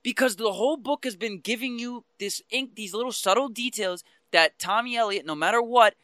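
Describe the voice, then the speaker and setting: A man's voice: sits high, fairly quick, pushed and bright, no echo. A man in a casual podcast chat, ranting passionately and animatedly about comics. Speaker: podcast co-host.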